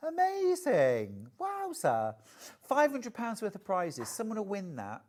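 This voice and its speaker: A woman presenting a live sewing sales show, chatty and bubbly, reading out viewer messages between product pitches. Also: huge pitch swings, slow, a little mellow. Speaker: shopping channel presenter. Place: TV studio.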